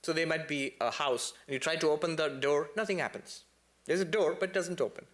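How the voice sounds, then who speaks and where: A man briskly delivers a spiritual lecture to a temple congregation. He tells stories with energy, using playful asides and sudden high, emphatic surges.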